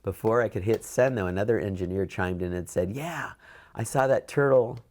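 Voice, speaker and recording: Middle-aged guy telling a story in an interview, lowish voice, bumps his pitch up to act out what people said. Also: normal speed. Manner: animated, acts out quoted dialogue with raised pitch. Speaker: interviewee, events program manager. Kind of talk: storytelling in an oral history interview.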